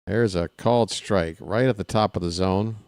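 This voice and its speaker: A man calling a baseball game live in a casual play-by-play style, chatty and candid, drifting into personal asides between the pitches. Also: normal speed, darkish tone, clear, resonant tone, dry recording, clean studio sound. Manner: candid and self-deprecating. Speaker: play-by-play announcer.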